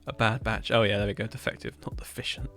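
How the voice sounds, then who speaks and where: A man streaming a building game, chatting casually and rambling with dark jokes. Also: on the low side, fairly even intonation, brisk, soft background music. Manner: rambling, joking, darkly humorous. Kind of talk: casual chat while gaming.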